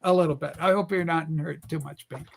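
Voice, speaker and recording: A man's voice: a little high, fast, gravelly. A man hosting a casual livestream panel chat, teasing his guests in a jokey, theatrical way. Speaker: livestream host.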